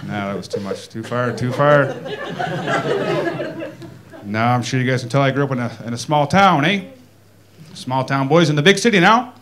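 A Canadian man doing a stand-up comedy set in a club, folksy and deadpan, tagging his lines with "eh?". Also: mid-range voice, moderate pace, pauses often. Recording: live club set with audience laughter. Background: crowd laughter.

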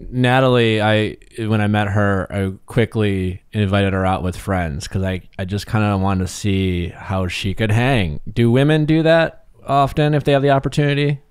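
A man with a smooth, clean voice hosts a podcast and keeps the talk moving with quick questions. His teasing is dry, and his voice sounds close and dry, with no room echo. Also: lowish voice, fairly even intonation. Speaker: podcast host. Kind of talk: casual chat.

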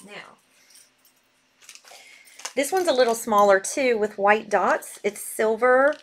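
A woman's voice: a little high, slow. A woman hosting a live sale, bubbly and gushing as she talks. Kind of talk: live selling stream.

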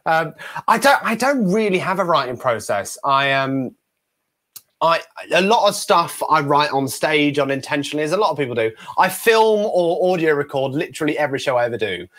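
A man's voice: fairly high pitch, brisk. English man in his twenties telling stories. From England. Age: 20s. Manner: animated storyteller who acts out quotes. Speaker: ventriloquist guest. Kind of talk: casual interview storytelling.

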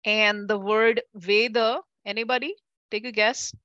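A woman teaching a class, chatty and lively, calling on students by name and laughing easily. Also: medium pitch, a little slow, no echo, dull audio. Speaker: Ayurveda teacher. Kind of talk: classroom lecture with questions to students.

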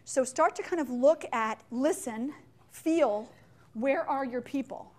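A woman leading a live leadership and sales workshop in a meeting room, chatty and playful, with quick asides and acted-out examples. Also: high voice. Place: meeting room with window blinds.

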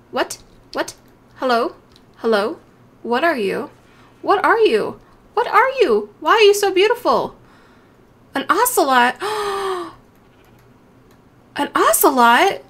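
A young woman hosting a game channel, chatting casually as she plays and gushing over animals with excitable, sweet baby-talk. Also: on the high side. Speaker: gaming channel host.

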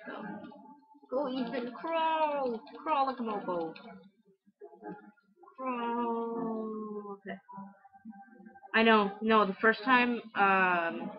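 A young woman livestreaming a game, chatting nervously, talking to her character and asking viewers which way to go. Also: mid-range voice. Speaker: livestreaming gamer. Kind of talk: live game commentary. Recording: dull lo-fi stream audio.

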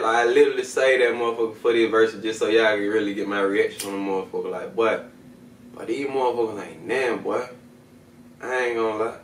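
A man's voice: medium pitch, echoey room, recorded from a distance. A man hosting a vlog, chatting casually and profanely straight to his viewers in heavy slang while he reviews what he is smoking. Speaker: video host reviewing smoking products.

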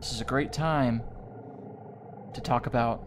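A man playing a horror game on video, joking, swearing and reacting loudly to scares. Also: mid-range voice, unhurried, noisy background. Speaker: gaming video host. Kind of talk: horror game let's play commentary. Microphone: desk mic with facecam.

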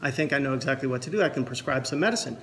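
A man's voice: medium pitch, lively intonation, very fast, a bit bright, slight background noise. A man voicing a smug veterinarian in a joke told at a eulogy. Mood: matter-of-fact.

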